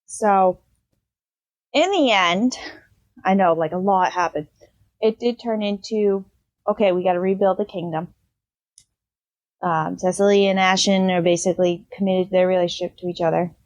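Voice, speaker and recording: A woman's voice: fairly low pitch, normal speed, no room sound, muffled recording. A woman hosting a casual book review podcast, rambling with lots of "um" and "like" as she retells the plot. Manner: rambling, full of "um" and "like", animated retelling.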